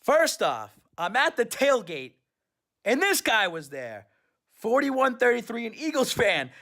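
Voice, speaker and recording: Guy w a pretty high voice rambling thru a fan trip story, animated. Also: measured pace, vocal fry. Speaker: superfan vlogger. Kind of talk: casual storytelling recap.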